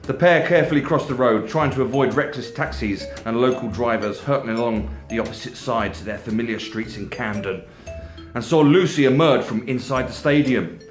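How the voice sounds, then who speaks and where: A man reading his own comedy novel aloud in a steady, measured narration. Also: medium pitch. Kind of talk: audiobook narration. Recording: echoey room, faint music.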